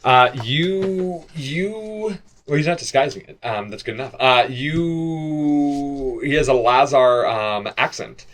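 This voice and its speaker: A man running a tabletop game as game master. He describes scenes haltingly, with frequent ums and uhs, in a mid-range voice. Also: mid-range voice, fairly bright tone. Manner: halting, filler-heavy description.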